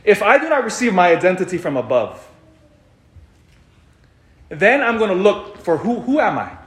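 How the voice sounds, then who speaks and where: A man giving a sermon as a priest, animated and full of rhetorical questions, often repeating himself. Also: high voice, normal speed, echoey room. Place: church.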